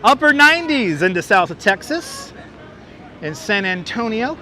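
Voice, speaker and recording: Man, livestream host, high bright voice, jokey comment reading, outdoors, clip-on mic, faint street noise. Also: sing-song, a little slow. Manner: chatty, jokey, reads comments aloud. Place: outdoors on a city waterfront street. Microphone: wireless clip-on mic.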